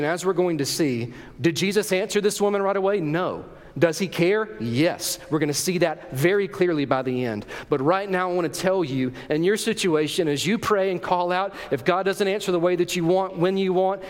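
In a church sanctuary, a pastor delivers a sermon in a conversational style, putting questions to his congregation along the way. His voice is high for a man, and the recording has the long reverb of a church hall.

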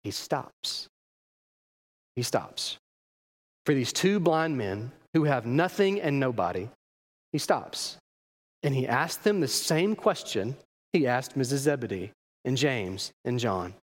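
A man's voice: mid-range voice, sing-song, takes it slowly, long pauses. A male pastor preaching a sermon, asking rhetorical questions and repeating key phrases for emphasis. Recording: long reverb of a large hall.

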